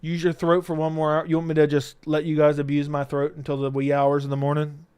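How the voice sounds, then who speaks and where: An MMA livestream host reads viewer messages and jokes with his chat, laughing often, in a casual session. His voice is a little high and mellow, slightly fast, and completely flat in delivery, with a clean tone and no echo.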